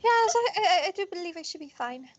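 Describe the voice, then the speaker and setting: A prim, polite female fox, voiced by a woman stammers through formal phrases in a high voice. The sound is close and dry. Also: expressive, quick pace, no room sound, highs cut off.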